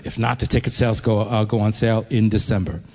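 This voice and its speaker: A man's voice: fairly low pitch, level tone, fast, creaky, darkish tone. Chatty man addressing a concert hall. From New York. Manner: enthusiastic, chatty, with frequent restarts. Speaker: orchestra executive addressing a concert audience. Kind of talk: live speech to an audience. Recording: long hall reverb.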